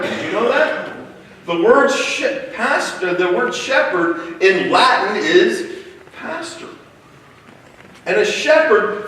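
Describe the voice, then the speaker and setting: A man preaching a sermon as pastor, telling stories in a lively way with stumbling restarts, recorded from a distance in a church. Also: high voice, slight background noise. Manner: animated and storytelling, with stumbling restarts. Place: church sanctuary. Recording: echoey church hall picked up from far off.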